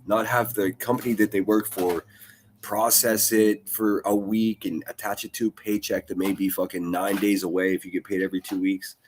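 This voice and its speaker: A man's voice: on the low side, little pitch movement, normal speed, a little hiss or hum. A man hosting a daily news livestream, chatting casually and rambling through the stories with repeated words and the odd swear. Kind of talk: casual commentary over news clips.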